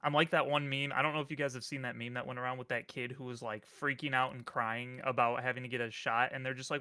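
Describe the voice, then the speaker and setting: Laid-back bright-voiced man co-host. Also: medium pitch, steady tone, fast talker, hardly any pauses. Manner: laid-back, laughs at his own jokes. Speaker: co-host of a morning stream. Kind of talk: casual chat.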